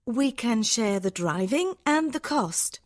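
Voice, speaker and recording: Man voicing a desperate young woman, high and pleading. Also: lively intonation, takes it slowly, full character voice. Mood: anxious. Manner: pleading, urgent. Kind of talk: storybook reading.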